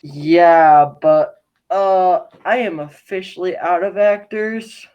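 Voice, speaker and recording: A man playing a relaxed, scatterbrained casting assistant who talks in a casual, offhand way, over a video call. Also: high voice, slow, clear, resonant tone, highs cut off. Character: laid-back, scatterbrained young male casting assistant.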